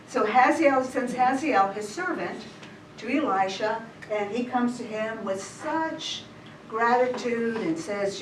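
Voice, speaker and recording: A woman's voice: fairly high pitch, unhurried. Chatty woman teaching scripture, roomy hall. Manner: chatty, retells scripture in everyday words. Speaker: women's Bible study teacher. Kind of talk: informal Bible teaching. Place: church meeting room. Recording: roomy hall, distant mic, faint hiss.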